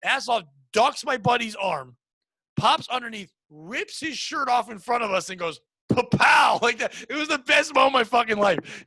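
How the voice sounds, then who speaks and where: High, bright-voiced crude storytelling man. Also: no room sound. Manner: crude, rambling animated storyteller. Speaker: podcast host. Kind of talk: casual chat.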